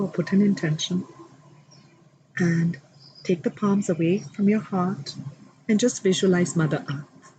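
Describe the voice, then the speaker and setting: A woman leading a guided meditation and prayer, with slow, reverent, repetitive invocations and an emotional voice. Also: medium pitch, warm tone, slight background noise, low-quality recording. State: emotional, voice rising with tears. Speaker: spiritual healer leading a group blessing.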